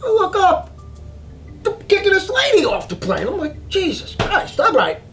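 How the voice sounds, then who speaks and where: A man telling a story in an excitable way, acting out voices and reactions. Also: very high-pitched, normal speed, soft background music. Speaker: vlogger telling a travel story. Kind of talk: animated storytelling monologue.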